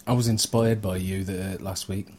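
A man's voice: low voice, fairly even intonation, moderate pace, a little mellow. A man hosting a casual podcast, bantering and teasing his co-host. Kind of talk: casual chat.

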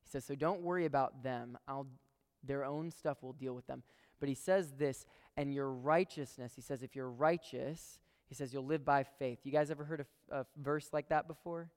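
Young man, preacher, earnest storytelling sermon, clear resonant voice, long hall reverb. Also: mid-range voice, fairly even intonation, normal speed. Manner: storytelling, earnest, addresses crowd as guys.

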